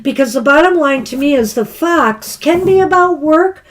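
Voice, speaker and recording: A woman reading tarot on a live stream, talking casually and laughing between thoughts. Her somewhat high voice is a little hoarse, as she is losing it. She drifts and loses her place now and then. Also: expressive, normal speed. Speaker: tarot reader co-host.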